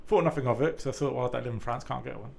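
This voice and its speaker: A man's voice: medium pitch, racing, gravelly, a little mellow. A man with a sweary, rambling storytelling manner, chatting casually on a podcast.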